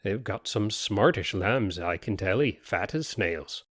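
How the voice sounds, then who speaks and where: A man's voice: fairly low pitch, animated, a little slow, fairly bright tone, dry recording. A pushy, scheming country thief talking in a blunt rustic dialect, as a man puts him on. The voice is dry and close, a storybook reading.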